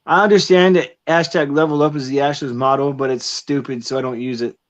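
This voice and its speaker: A man's voice: mid-range voice, steady tone, brisk. A man in casual chat, joking and teasing his co-host. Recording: dull lo-fi sound.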